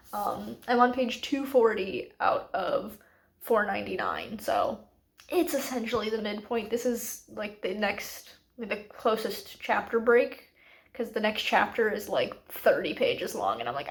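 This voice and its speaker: A woman in her late twenties talking casually to camera in a rambling, self-deprecating book vlog. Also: on the high side. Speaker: book vlogger.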